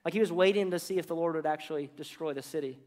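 A man delivers a sermon in a loose, joking storytelling manner, tossing slangy asides into the scripture he retells. His voice sits a little high for a man. It rings with the long reverb of a big hall. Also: rapid-fire, a little mellow. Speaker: preacher.

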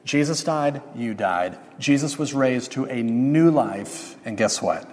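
A man's voice: medium pitch, expressive, slow, darkish tone. A man preaching a sermon as pastor, emphatic, repeating key phrases and adding light humor. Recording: long reverb of a large hall.

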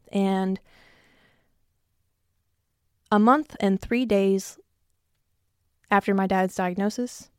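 A woman's voice: medium pitch, clear, resonant tone, no room sound, clean studio sound. Breathless, swearing woman podcast host. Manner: chatty, self-mocking, swears freely. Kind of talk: casual solo podcast chat. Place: home basement.

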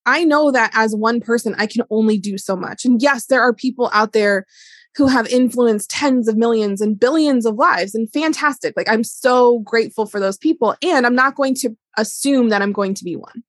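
A woman's voice: on the high side, moderate pace, dry recording. A middle-aged woman and wellness educator talking candidly and casually in a solo monologue, with lots of "like". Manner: candid, chatty, heavy use of "like". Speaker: wellness educator and business owner.

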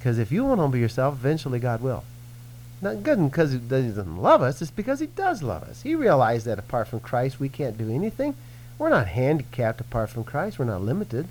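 Male minister, lively swooping delivery, earnest teaching tone. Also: medium pitch, slight background noise, low-quality recording. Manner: earnest, animated preaching with acted-out quotes. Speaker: Christian minister. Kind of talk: teaching in a radio-style conversation.

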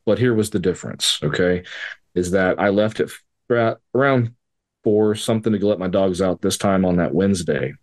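A man with a low voice speaks at a moderate pace as a podcast guest, telling a personal story in casual, profane language. He acts out the dialogue, doing voices for the people he quotes.

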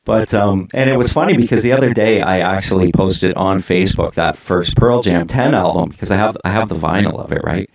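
A middle-aged male podcast host with a gravelly edge to his speech. He chats in a loose, rambling way, restarting sentences and tossing in "right?" as he goes. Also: deep voice, a little fast, hardly any pauses. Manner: chatty, restarts sentences, tag questions. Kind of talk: casual interview chat.

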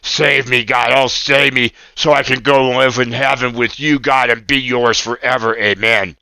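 Man putting on an excitable puppet boy, gushing, eager, bright tone, dry close sound. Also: mid-range voice, normal speed, vocal fry, smooth, no echo. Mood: fervent. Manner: gushing, eager, keeps jumping in. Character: excitable earnest young male puppet friend. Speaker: puppet co-host. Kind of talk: puppet role-play on a radio show.

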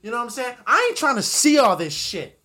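A man's voice: very high voice, very animated, fairly quick, sharp tone. A young man hosting a solo podcast episode, ranting in an agitated, profane, repetitive way, full of "you know"s. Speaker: podcast host.

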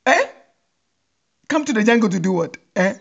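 Laughing, animated woman. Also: mid-range voice, normal speed, gravelly. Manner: laughs often, teasing and animated. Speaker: podcast host. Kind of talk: humorous commentary monologue. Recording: dull lo-fi recording.

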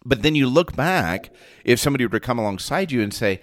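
A man co-hosting a podcast, reading a Bible passage in a calm, even manner and then chatting about it. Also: medium pitch, quick pace. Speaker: podcast co-host and reader. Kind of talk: casual chat and scripture reading.

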